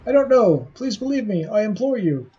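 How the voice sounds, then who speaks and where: A man's voice: very animated, normal speed, mellow, recorded from a distance, muffled recording, faint music behind. A man doing a frightened pleading noblewoman. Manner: high, pleading and anxious.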